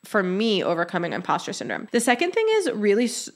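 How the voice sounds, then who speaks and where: Casual woman podcast host, 30s, mid-pitched, rambling and candid, lots of "like" fillers. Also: huge pitch swings, fast. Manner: chatty, many "like" fillers, acts out quoted voices. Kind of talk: casual solo podcast talk.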